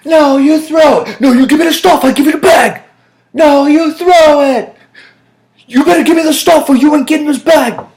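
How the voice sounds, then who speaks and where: A squawking bickering haggler. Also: male voice, normal speed. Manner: high, loud, bickering.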